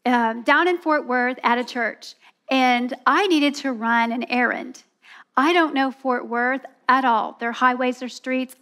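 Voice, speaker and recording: At a women's church event, a woman delivers a sermon, earnestly sharing a personal story. Her voice sits high with a slightly bright quality, and she acts out other voices while laughing.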